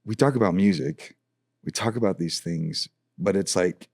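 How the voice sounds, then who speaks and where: Deep-voiced man telling a story. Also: moderate pace, creaky, dry recording, studio quality. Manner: animated storyteller, acts out dialogue, frequent restarts. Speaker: worship leader guest. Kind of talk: casual storytelling conversation.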